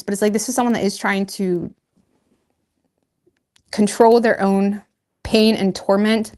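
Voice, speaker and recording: A woman's voice: medium pitch, flat delivery, a little slow, long pauses, darkish tone. Chatty lady doing a tarot reading, laughs at herself a lot, loose casual talk. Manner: chatty, laughs at herself, lots of "like" and "you know". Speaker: tarot reader.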